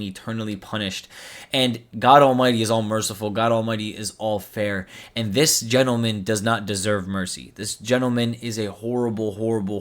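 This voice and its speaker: A man's voice: on the low side, a bit bright. Impassioned man preaching to camera. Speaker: commentary channel host. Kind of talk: reaction commentary monologue.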